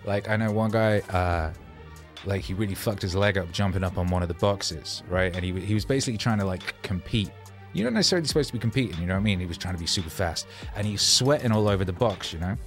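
A man's voice: sits low, lively intonation, fast, soft background music. A man, a rapper, telling rambling, self-mocking stories in a casual monologue, loose with fillers and swearing.

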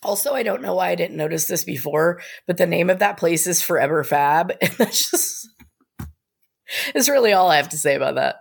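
Low-voiced woman recapping a TV episode. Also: expressive, fairly quick, vocal fry, slightly rough. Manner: laughs often while talking, thoughtful asides. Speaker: co-host. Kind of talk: casual TV recap chat.

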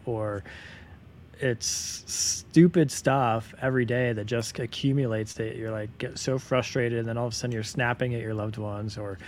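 Man, mid-pitched voice, earnest and emphatic, podcast co-host, faint hiss behind. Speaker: podcast co-host and yoga teacher. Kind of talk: unscripted casual conversation.

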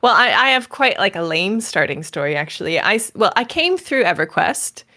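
A woman with a bright, sharp voice answers as a podcast guest. She tells her story candidly and pokes fun at herself. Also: mid-range voice, sing-song, normal speed. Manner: candid, self-deprecating storytelling. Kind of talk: casual chat.

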